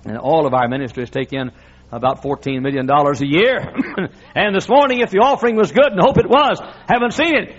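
A male pastor preaches with folksy passion, his voice pitched high and grainy. He laughs through his points and swings between big declarations and quiet asides. The recording sounds dull and lo-fi. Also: brisk, husky. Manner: impassioned and folksy, laughing often. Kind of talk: sermon.

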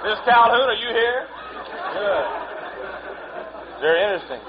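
High-voiced preacher, shouting and hushing. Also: male voice, lively intonation, a little slow, a crowd in the background. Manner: swings from low asides to shouted exclamations. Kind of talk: fiery sermon. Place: church sanctuary. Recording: dull old tape recording with faint hum.

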